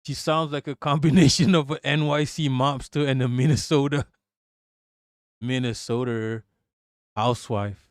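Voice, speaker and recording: A man's voice: medium pitch, fairly even intonation, a little slow, pauses often, clear, resonant tone, dry recording, studio quality. A man hosting a casual live reaction stream, loose and profane, laughing often.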